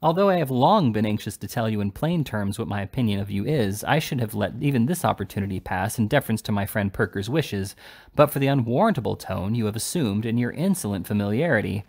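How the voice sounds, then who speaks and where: A man reading the part of an indignant elderly gentleman, with an emphatic delivery and a gravelly voice. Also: on the low side, animated, quick pace.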